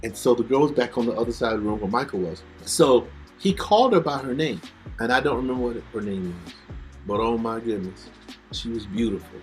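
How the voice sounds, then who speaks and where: A man's voice: mid-range voice, brisk, soft background music. A middle-aged man, a backup vocalist, telling stories casually and animatedly, acting out the people he quotes. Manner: animated, acts out quoted voices. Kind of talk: casual storytelling.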